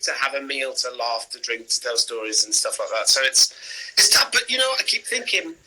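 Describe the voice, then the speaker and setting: An actor chats casually on a live video stream through a video-call microphone, and the audio is poor. His medium-pitched voice is sing-song, brisk, bright, and forceful as he rambles and keeps interrupting and restarting his own sentences.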